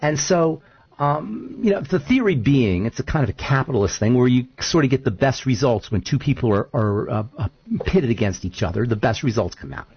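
A man hosting a talk radio show, chatting casually and telling stories in an animated, argumentative way. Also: medium pitch, brisk, husky, dry recording, muffled recording. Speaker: show host.

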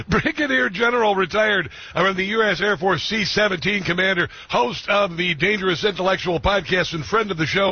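A man's voice: high voice, fairly quick, creaky, few pauses, breathy edge. A man hosting a talk radio show, chatting casually, laughing often and mocking the topic. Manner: laughs a lot, excitable and mocking. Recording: slightly muffled radio audio.

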